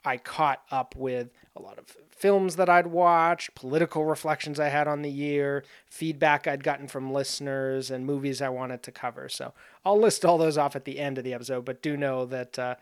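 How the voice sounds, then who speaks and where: A man of middle pitch talks through a film review on his podcast, keeping it loose and unscripted. He drifts along with plenty of "like" and "uh" as he sums things up. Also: fairly even intonation, normal speed, smooth. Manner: conversational, loose, with frequent "like" and "uh". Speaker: podcast host. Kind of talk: casual spoken film review.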